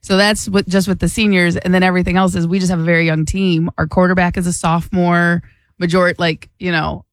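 A woman co-hosting a talk show who also coaches school football, chatting in a relaxed, halting way full of fillers. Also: lowish voice, dry recording. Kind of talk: casual chat.

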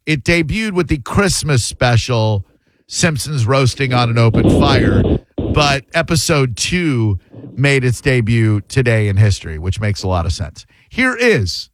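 A man hosting a call-in radio show, chatting in a casual, animated way with quick asides. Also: mid-range voice, background noise.

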